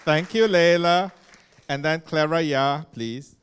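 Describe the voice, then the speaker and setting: A man's voice: fairly high pitch, slow, some chatter behind, a little hiss or hum. A man presenting a student showcase, calling up the next performer. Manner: brief announcements. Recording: distant in echoing hall.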